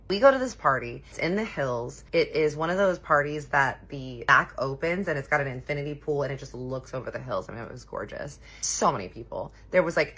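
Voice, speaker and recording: A woman in her thirties telling a personal story in a chatty, animated way, acting out what people said. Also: deep voice, slightly rough. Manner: chatty, animated, quotes people in little voices. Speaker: storytime vlogger. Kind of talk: casual storytelling.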